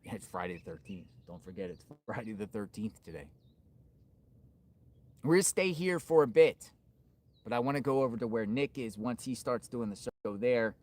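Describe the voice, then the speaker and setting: A man hosting a livestream from outdoors, giving excitable, rambling on-the-spot commentary. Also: mid-range voice, a little hiss or hum. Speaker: livestream host. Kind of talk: live on-location commentary.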